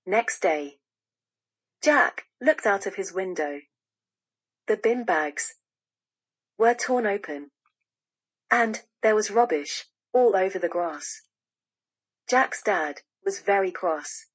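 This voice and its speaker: A woman narrates a children's audiobook in a slow, careful reading. Her voice is husky and unhurried. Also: mid-range voice, expressive.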